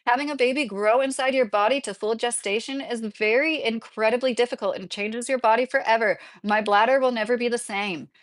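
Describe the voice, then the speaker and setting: A woman's voice: on the high side, fairly quick, few pauses. Woman, middle-aged, casual livestream chat, rambling, earnest, lots of filler words. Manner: rambling and earnest, heavy use of "like".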